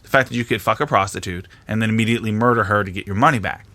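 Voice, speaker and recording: Male podcast co-host, profane animated storyteller, bright tone. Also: on the low side, racing. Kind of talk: casual podcast chat.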